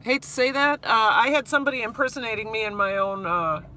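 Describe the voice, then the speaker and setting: A woman who teaches high school, vlogging live while worn out after crying, talking earnestly with halting restarts as she reads her chat. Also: expressive, sharp tone, a little hiss or hum. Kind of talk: live-stream vlog, reading chat.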